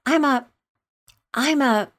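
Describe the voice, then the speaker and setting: A woman's voice: mid-range voice, very animated, normal speed. A woman voicing a polite, bewildered little girl who protests earnestly and gets flustered, in a storybook reading.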